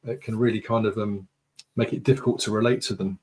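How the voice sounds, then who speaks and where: A man from the UK, a podcast guest chatting and telling stories in an unhurried way over a video call. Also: on the low side, steady tone. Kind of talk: casual conversation.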